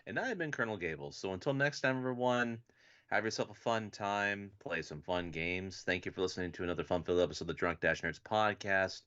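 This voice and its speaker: A man co-hosts a podcast in casual chat, rambling along with plenty of "and stuff" fillers. His deep voice is fast, a bit bright, clear, and resonant, though the podcast audio is dull and lo-fi.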